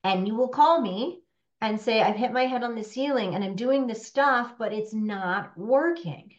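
A woman business coach talking to a workshop room, animated and conversational, often checking in with "right?". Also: on the high side, measured pace, highs cut off.

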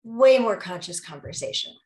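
A woman in her thirties or forties, a business coach leading a group workshop, speaking in a lively way, acting out bits of dialogue and often checking in with "right?". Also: mid-range voice, normal speed.

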